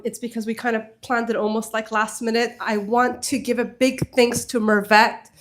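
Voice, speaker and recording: A woman's voice: on the high side, fairly bright tone, slight background noise. A woman speaking as a community organizer at a mosque event, heartfelt and earnest, rising to urgent appeals to the audience. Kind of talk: impassioned speech to an audience.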